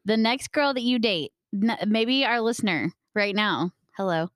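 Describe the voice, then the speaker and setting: A woman's voice: mid-range voice, lively intonation, moderate pace, a bit bright, no room sound, clean studio sound. A young woman co-hosting a podcast, chatting casually, teasing and insistent, often laughing. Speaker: podcast co-host. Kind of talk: casual chat.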